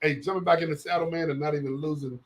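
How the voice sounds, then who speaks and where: Fast-talking man co-hosting a podcast. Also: a little high, steady tone, background noise. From Central Florida. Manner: quick, friendly banter, calls partner brother and man. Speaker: podcast co-host. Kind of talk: casual podcast chat.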